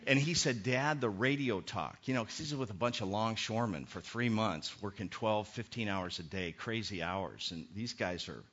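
Lively preacher man, muffled lo-fi audio. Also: on the low side, moderate pace, few pauses, breathy edge. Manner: animated, acts out quoted voices. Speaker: pastor. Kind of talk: sermon. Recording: muffled lo-fi sermon recording.

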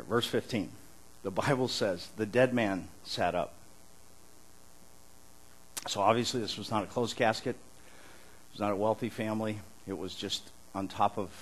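A man's voice: lowish voice, low-quality recording. Middle-aged male pastor preaching animatedly. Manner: animated, repeats and restarts words, chuckles often. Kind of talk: conversational sermon.

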